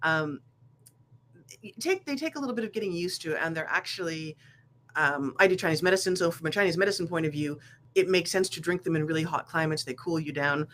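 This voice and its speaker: A woman, a guest on a show, telling an anecdote in a chatty, lively way. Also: low-pitched, a little fast, a little hiss or hum. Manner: chatty, lively, laughing now and then. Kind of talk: casual storytelling.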